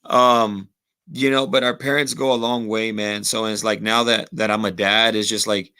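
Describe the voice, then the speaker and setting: A man, a guest on a podcast, telling stories in a relaxed, casual way and slipping in Spanish words. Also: fairly low pitch, moderate pace, clean tone. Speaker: podcast guest, former football player. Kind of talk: casual conversation.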